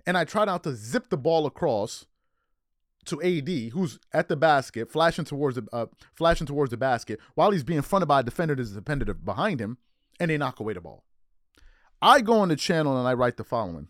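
Male podcast host, lively swooping delivery, dry close sound, mocking riffs. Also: mid-range voice, a little fast, no room sound. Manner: animated, mocking impressions of others. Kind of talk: casual sports commentary.

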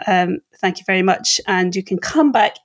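A woman host on a podcast, speaking in a mid-range voice. She asks questions in a relaxed manner and laughs easily between remarks. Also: medium pitch, moderate pace. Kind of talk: casual podcast interview.

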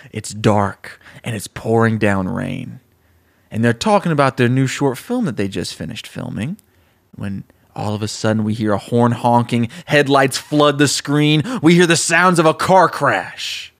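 A man's voice: medium pitch, unhurried, vocal fry. A young man co-hosting a podcast, telling a made-up story with playful quotes and frequent laughter. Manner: animated storyteller, laughing at his own jokes. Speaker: podcast co-host. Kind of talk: casual chat, pitching a story.

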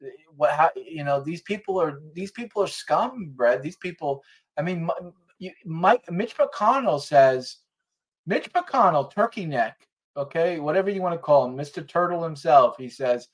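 A man's voice: a little high, expressive, normal speed. A man talking as a guest on a casual political chat, ranting heatedly with restarts and swearing.

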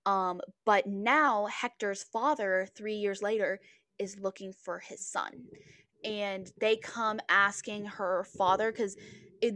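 A woman's voice: medium pitch, fairly bright tone, no room sound, studio quality. Woman rambling through a casual chat. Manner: rambling retelling with many "like"s and restarts. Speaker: podcast co-host.

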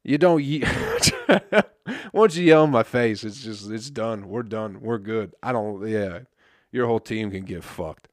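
Taking it slowly, a podcast host with a fairly low, animated voice rants comedically and profanely, swearing all the while. He laughs at his own jokes, his throat is dry, and the recording is dry.

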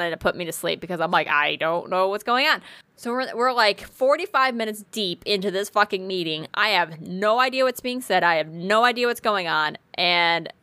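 A young woman telling a work story in casual chat, animated and swearing freely, acting out what she said. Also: mid-range voice, dry recording.

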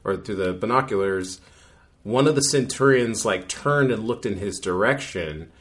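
Man, very low voice, casual podcast recap, rambling with fillers. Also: animated, moderate pace, a bit bright. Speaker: podcast co-host.

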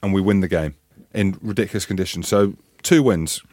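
This podcast co-host, an ex-rugby player in his thirties, chats through stories casually and animatedly, cursing and doing voices. He speaks low and fairly quickly, captured in clean studio sound with no room echo.

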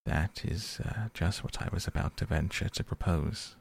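A man's voice: sits low, moderate pace, vocal fry, slightly rough, exaggerated voice. A man voicing a gloomy, frightened doctor in an audiobook, speaking in a dreary, hesitant way. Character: gloomy, frightened male doctor, low in spirits.

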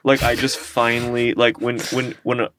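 A man comedian chatting in an interview, relaxed and rambling with frequent restarts. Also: mid-range voice, normal speed, slight background noise. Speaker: comedian, sketch co-creator. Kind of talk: casual interview chat.

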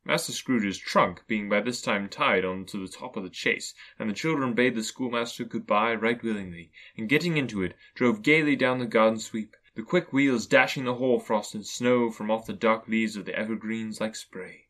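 A man narrating a classic storybook in a measured, even reading. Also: lowish voice. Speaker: audiobook narrator.

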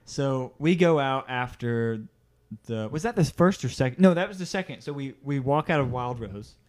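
Animated male podcast storyteller. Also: medium pitch, moderate pace. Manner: animated storyteller, laughs often, does voices. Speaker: podcast co-host. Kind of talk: casual podcast chat.

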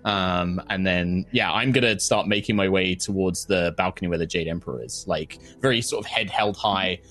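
A man's voice: low voice, normal speed, faint music behind. A man describing his character's actions in a tabletop role-play, chatty with many fillers. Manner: chatty, lively, many likes and ums. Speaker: player.

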